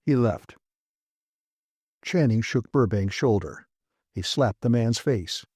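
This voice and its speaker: A man reading a classic science fiction audiobook with brisk, vivid storytelling. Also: medium pitch, animated, darkish tone, husky, no room sound, clean studio sound. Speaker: audiobook narrator. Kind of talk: scripted narration.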